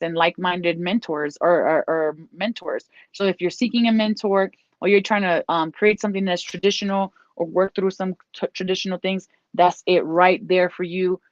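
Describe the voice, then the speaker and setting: With a mid-range voice, a tarot reader casually goes through a reading, staying encouraging and repetitive while breaking off at times to scold her dog. The recording is dull, dry, and lo-fi, with no room sound.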